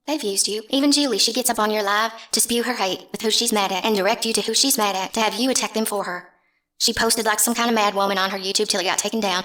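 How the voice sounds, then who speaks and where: A woman's voice: medium pitch, fairly bright tone. A young woman, ranting bluntly and scornfully in a casual vlog. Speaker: channel host.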